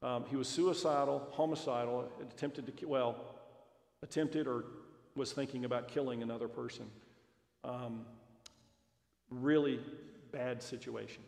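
A man speaks at a parent seminar and tells stories while acting out each side of the dialogue. His voice is gravelly. It rings with the long reverb of a hall. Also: mid-range voice, steady tone, measured pace, pauses often, a little mellow. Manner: storytelling, acts out dialogue. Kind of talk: seminar talk with anecdotes.

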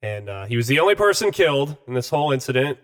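A man chatting on a podcast in an easygoing, profane manner. He drifts through stories with frequent "uh" fillers and mid-range pitch. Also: big pitch swings, fast, fairly bright tone. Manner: laid-back, profane, filler-heavy. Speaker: podcast co-host. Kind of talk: casual chat.

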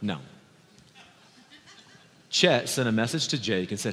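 A man preaching a sermon as pastor, talking in a conversational way that moves between quick asides and slow, quiet emphasis. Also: lowish voice, lively intonation. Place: church sanctuary. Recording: long hall reverb from a church.

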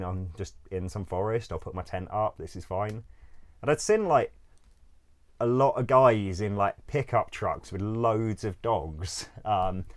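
Here a man with a strikingly deep voice chats through a story as if with a pal. He meanders, leans on filler words, curses openly, and laughs along at the scrapes he got himself into.

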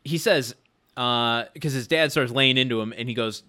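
A man's voice: medium pitch, moderate pace, bright, forceful tone. A man co-hosting a podcast, talking through a film in wry, incredulous casual chat. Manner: wry, incredulous, laughs often. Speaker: podcast co-host reviewing a film.

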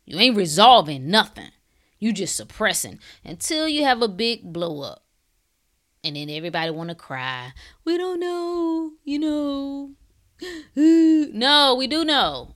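Blunt woman ranting, bright voice, pitch all over the place, slangy and sarcastic. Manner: rhetorical questions, slangy. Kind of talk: casual monologue to camera.

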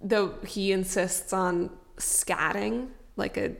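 A woman's voice: medium pitch, fairly even intonation, slow, vocal fry. A woman co-hosting a casual book podcast, reading excerpts and chatting with a lot of "like". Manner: reads aloud, then chats with fillers like "like". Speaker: podcast co-host.

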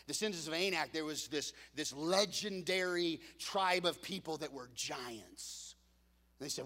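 A man preaching a sermon as pastor, telling the story with joking asides and swinging from loud peaks to hushed lows. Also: lively intonation, normal speed, vocal fry, long reverb tail.

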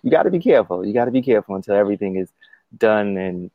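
A man's voice: lowish voice, animated, very fast, lo-fi sound, a little hiss or hum. A man chatting casually, laughing often and rambling with restarts. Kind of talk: casual chat.

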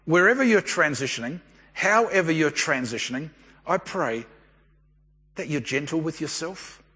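A man delivers a sermon in an easy, storytelling manner. His voice sits high and a little husky, and it carries a long reverb from a church hall. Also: lively intonation, moderate pace, bright, forceful tone. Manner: conversational storytelling preacher. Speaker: pastor.

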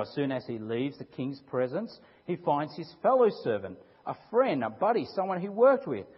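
A man with a slightly high, husky voice preaches a sermon, telling a story with lively swings of pitch and frequent rhetorical questions. The recording is dull and lo-fi, and his voice carries a long echo through a church hall. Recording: echoey hall, dull lo-fi sound.

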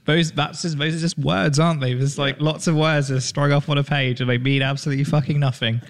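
Slightly high man with sweary asides. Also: level tone, fast talker. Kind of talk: casual comedic podcast chat.

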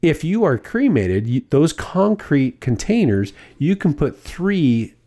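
A man co-hosting a podcast, talking things through in casual chat. His pitch rises and falls a great deal as he explains, and he pauses now and then to find his words. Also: big pitch swings, mellow. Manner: explains at length with fillers and restarts. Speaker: podcast co-host.

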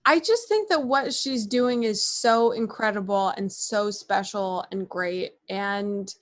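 A woman's voice: medium pitch, slow pace. A woman with a mid-range voice co-hosting a casual podcast. She talks chattily with many filler words, restarts and stumbles. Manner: chatty, uses 'like' often, stumbles on words. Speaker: podcast co-host. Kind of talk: casual chat.

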